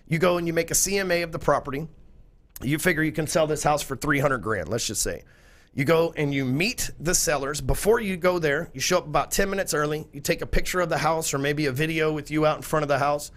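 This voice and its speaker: Fast-talking blunt man. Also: a bit bright. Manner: fast, blunt and profane, salesy pitch. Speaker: podcast guest. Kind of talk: casual chat.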